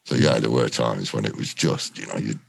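A middle-aged actor telling a rambling, sweary anecdote as an interview guest. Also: male voice, very deep voice, a little fast, vocal fry, a little hiss or hum. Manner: swears freely, rambling storyteller.

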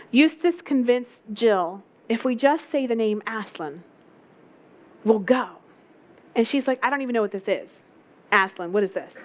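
A woman's voice: sits high, fairly bright tone. A woman preaching a sermon, telling a story with emphatic repetition.

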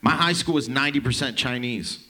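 A man in his thirties from Canada doing a stand-up set, telling profane, rambling stories with quick asides. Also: mid-range voice, bright, forceful tone. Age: 30s. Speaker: stand-up comedian.

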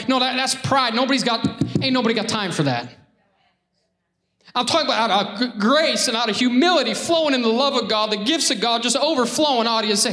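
A male pastor with a notably high voice delivers an animated, joking sermon. He keeps prodding the congregation to answer him back, moving between playful banter and earnest preaching. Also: brisk. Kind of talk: lively sermon with crowd call-outs.

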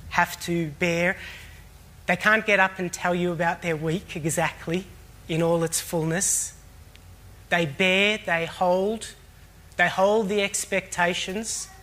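A man's voice: sits high, pushed and bright, a little hiss or hum. A man preaching a sermon in an earnest, reflective way, often repeating phrases for emphasis.

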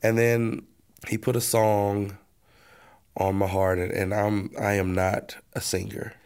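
Gravelly low-voiced pastor telling his story. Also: level tone, takes it slowly, a little mellow. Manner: earnest storytelling, repeats words as he restarts, acts out his own past words. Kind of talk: personal testimony in an interview.

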